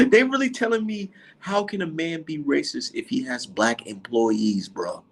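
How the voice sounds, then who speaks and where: A man delivers a heated, profane commentary rant, piling on sarcastic rhetorical questions. His voice is slightly husky, and his pitch swings dramatically as he works himself up. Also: lively intonation, a little slow.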